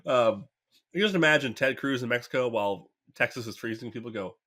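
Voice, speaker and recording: Lively joking podcast co-host man. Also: medium pitch, brisk. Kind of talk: casual chat.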